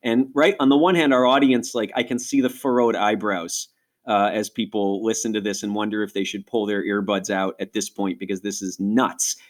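A middle-aged man from Rochester, New York, explaining in a podcast conversation with animated asides. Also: on the low side, normal speed. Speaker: ministry guest speaker.

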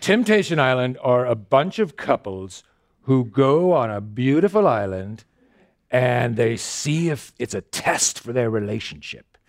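A man hosting a comedy podcast, telling stories in a rambling, deadpan joking way. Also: mid-range voice, unhurried. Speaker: podcast host. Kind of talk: casual comedic chat.

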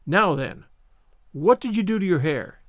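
A man's voice: high voice, animated, unhurried, dry recording, studio quality. A man voicing a severe, sarcastic older woman guardian in a storybook, scolding sharply. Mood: stern.

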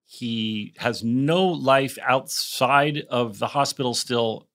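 Male podcast co-host, middle pitch, casual and self-deprecating, talking over a remote call. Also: slow pace, a bit bright. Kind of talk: casual chat. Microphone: remote call mic.

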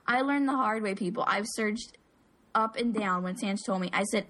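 A woman's voice: mid-range voice, fairly even intonation, brisk, fairly bright tone. A woman co-hosting a casual podcast, telling a long story with lots of fillers and restarts. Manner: rambling, filler-heavy storytelling. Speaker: podcast co-host. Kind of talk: casual chat.

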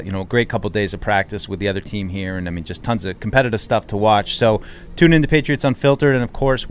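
A man's voice: on the low side, a little hiss or hum. A man hosting a sports podcast, casually leading the chat and asking his co-hosts questions. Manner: casual, leads the discussion and asks questions. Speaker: podcast host. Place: outdoors at a training camp practice.

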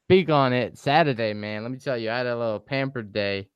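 A man's voice: medium pitch, a little fast, clean tone, no echo, muffled recording. A young man co-hosting a podcast, telling a laid-back story in casual chat, laughing often and swearing. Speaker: podcast co-host.

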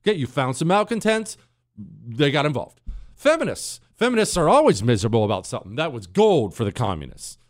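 A man's voice: medium pitch, sing-song, brisk, dry recording, studio quality. A middle-aged American man hosting a talk radio show, delivering an opinionated, sarcastic monologue full of restarts and asides. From United States. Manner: combative, sarcastic, rambling with restarts. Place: radio studio.

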